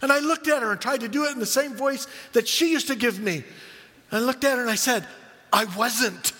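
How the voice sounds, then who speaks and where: A middle-aged man preaching a sermon as a pastor, telling stories with animated quoted voices. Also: very high-pitched, fast, long reverb tail.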